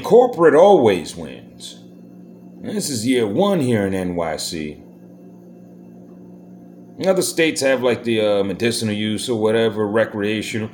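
Ranting vlog host, New man, swings his pitch high and low, echoey room with faint hiss. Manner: loud, swearing, rambling and emphatic. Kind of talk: profane street-talk rant.

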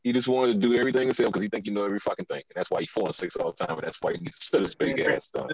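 A man's voice: lowish voice, very fast, dry recording, low-quality recording. A man co-hosting a casual podcast, opinionated and emphatic as he rants. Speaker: podcast co-host.

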